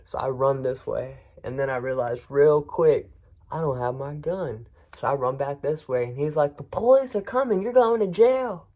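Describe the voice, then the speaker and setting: A man's voice: medium pitch, creaky, a little mellow. A man vlogger telling a personal story in a frank, rambling way with frequent restarts. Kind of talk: casual first-person storytelling.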